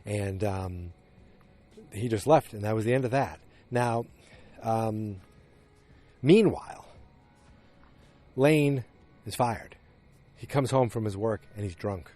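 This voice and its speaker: A man hosting a podcast, casually recapping a TV episode in a rambling, animated way. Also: lowish voice, slow pace, long pauses, faint music behind. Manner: rambling, animated retelling with acted quotes. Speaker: podcast host.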